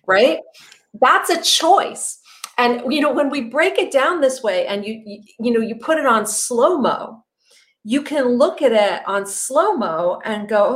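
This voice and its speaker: A woman's voice: mid-range voice, lively intonation, a little slow. Middle-aged woman as a chatty acting coach leading a group session. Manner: conversational, peppered with "you know" and "right?".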